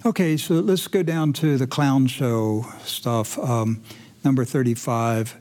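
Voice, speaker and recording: Husky-voiced man ranting indignantly. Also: mid-range voice. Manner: indignant, swings from loud ranting to hushed emotional. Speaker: host. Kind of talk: opinionated commentary show.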